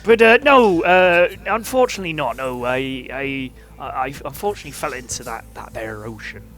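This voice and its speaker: Guy doing fishy pirate lighthouse keeper, yar-ing away, bouncy highish voice. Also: sing-song, normal speed, a bit bright, soft background music. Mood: rueful. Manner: growling pirate "yar" accent put on. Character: gruff fish-man lighthouse keeper, pirate-talking.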